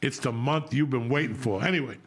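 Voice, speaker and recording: A man's voice: medium pitch, a little fast, breathy edge. A middle-aged man from New Jersey hosting a podcast, telling rambling, profane stories in casual chat. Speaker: podcast host.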